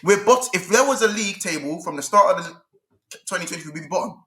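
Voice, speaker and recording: A man's voice: high-pitched, lively intonation, fairly quick, pushed and bright. A young man, ranting about football in a heated, casual debate and repeating his points in frustration. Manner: exasperated, repetitive ranting. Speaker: football fan panelist.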